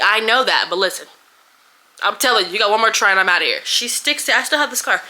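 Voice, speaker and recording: A young woman, telling a story to camera in a casual, animated way. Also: medium pitch, quick pace. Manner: animated, expressive storytelling with laughs and quoted voices. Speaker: vlogger.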